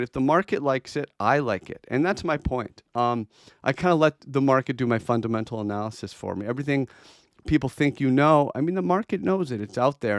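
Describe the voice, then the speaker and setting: On a crypto trading livestream, a medium-pitched male host gives casual, blunt chart commentary while answering viewer requests. He uses lots of fillers and restarts, and the studio sound is clean with no echo.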